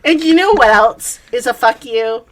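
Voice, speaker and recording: A woman's voice: a little high, expressive, moderate pace. A woman co-hosting a podcast, telling a story in casual chat with frequent laughter and swearing. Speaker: podcast co-host.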